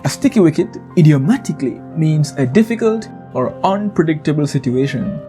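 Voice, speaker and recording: A man giving a line-by-line poetry lesson in a steady, explanatory way. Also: on the high side, brisk, soft background music. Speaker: teacher.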